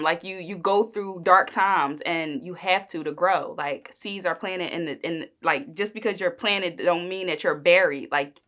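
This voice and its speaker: A young woman hosts her own podcast in a relaxed, rambling chat. She fills her talk with "um" and "like" as she goes. Her voice is bright and sits a bit low. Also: a little slow. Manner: chatty and rambling, with many fillers and likes. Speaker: podcast host. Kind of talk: casual solo podcast chat.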